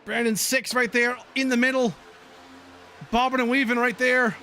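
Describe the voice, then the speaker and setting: A man calling a motor race play-by-play, excitable and quick to exclaim. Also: very high voice, slight background noise. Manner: excitable, shouting calls, laughing. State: out of breath. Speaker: play-by-play commentator.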